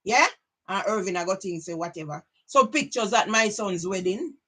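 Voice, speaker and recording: Speaking directly to her audience, a middle-aged vlogger with a Jamaican accent rambles loosely, drifting freely from English into patois and back. Her tone is bright, forceful and expressive, at medium pitch and a moderate pace.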